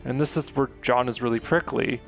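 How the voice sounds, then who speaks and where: Gravelly-voiced male book reviewer, chatty and loose, with soft guitar bed. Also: medium pitch, fairly quick. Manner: chatty, filler-heavy retelling with paraphrased quotes. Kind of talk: casual book recap.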